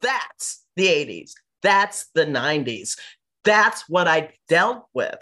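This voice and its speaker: A middle-aged woman, an interview guest, telling personal stories in a lively, casual way and acting out what people said. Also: sits low, takes it slowly. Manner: animated, mimics people in quotes.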